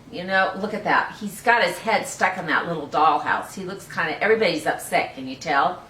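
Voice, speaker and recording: A woman hosting a children's storytime, who talks straight to the kids in a gentle, coaxing way and keeps asking them questions. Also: on the low side, fairly quick, recorded from a distance, slight background noise. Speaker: storytime host reading to young children. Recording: echoey room, voice from off the mic.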